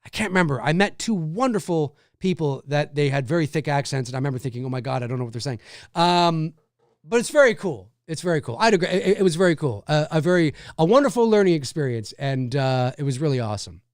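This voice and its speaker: Casual male livestream host, rambling and reading viewer comments, smooth voice, dry sound. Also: a little high, animated, fast, no echo.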